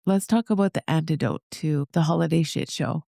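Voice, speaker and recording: Upbeat woman podcaster with a gravelly edge. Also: deep voice, brisk, dark tone, no echo, clean studio sound. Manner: upbeat, encouraging, talks straight to listeners. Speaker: podcast host. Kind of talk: solo motivational podcast talk.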